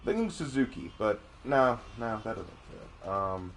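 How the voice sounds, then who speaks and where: A man streaming gameplay, reading chat aloud and thinking out loud as he plays, chatty and quick to laugh. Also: on the low side, gravelly, a little hiss or hum. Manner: chatty, excitable, laughs often, talks to himself. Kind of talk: live gameplay commentary.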